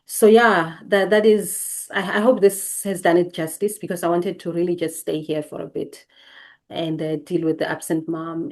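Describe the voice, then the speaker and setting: Woman host, lowish voice, gentle reflective teaching delivery with repeated emphatic phrases. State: briefly emotional.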